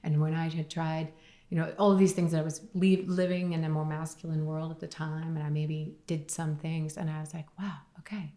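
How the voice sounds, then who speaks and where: A woman's voice: low voice, flat delivery, brisk, mellow, echoey room. A woman guest on a podcast, a company founder, sharing her experience in an earnest, emotional storytelling way. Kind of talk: candid podcast conversation.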